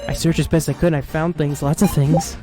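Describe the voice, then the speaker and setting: A man voicing an anxious, earnest young woman in a game, talking in a hurried stammer, over game music. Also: a little high, flat delivery, pitched above the performer's own voice, natural voice. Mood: pleading.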